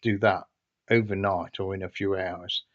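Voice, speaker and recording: A man's voice: deep voice, steady tone, normal speed. A man telling a story casually, in a hesitant, rambling way with frequent restarts. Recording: dull lo-fi recording.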